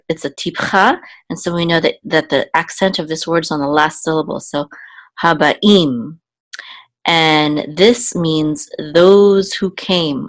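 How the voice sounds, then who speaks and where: A woman's voice: low voice, no room sound. A woman teaching Hebrew reading, spelling out letters and vowels and repeating each word patiently with frequent okays and ums. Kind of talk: slow spoken lesson, spelling out letters and vowels.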